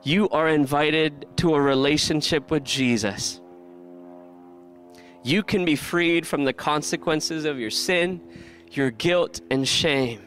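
A man preaching a sermon in an animated way, asking the congregation questions and acting out the voices of people in the story. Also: on the high side, slow, soft background music. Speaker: pastor.

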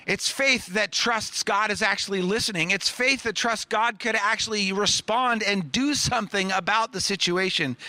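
A man preaching a sermon as pastor, earnest, dropping soft on key words and rising on questions. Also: high voice, no echo.

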